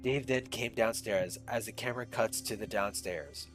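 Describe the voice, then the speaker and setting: A male streamer reading a creepy fan story aloud, animated and full of swearing asides. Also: on the low side, moderate pace, faint music behind, low-quality recording.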